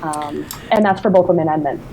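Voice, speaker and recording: Woman, academic talk, mellow voice, casual with fillers, video call. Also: low-pitched, brisk, a little hiss or hum, rough recording. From Newfoundland. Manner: casual, many fillers and restarts. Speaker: invited speaker.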